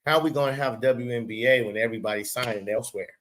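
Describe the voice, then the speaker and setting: A man's voice: mid-range voice, fast talker, a bit bright, slight background noise, rough recording. A man hosting his own show, giving a profane, emphatic commentary rant and talking straight at the person he is discussing. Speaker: show host.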